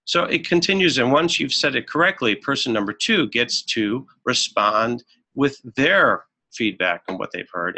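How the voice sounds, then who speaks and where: A man with a bright, forceful tone gives a webinar talk on marriage to couples. He speaks in an earnest, instructive way, with a mid-range pitch, and often pauses with "uh" and "um" as he moves through his slides. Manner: earnest, instructive, frequent fillers. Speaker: marriage counselor presenting a webinar. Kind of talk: webinar presentation. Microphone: webinar microphone.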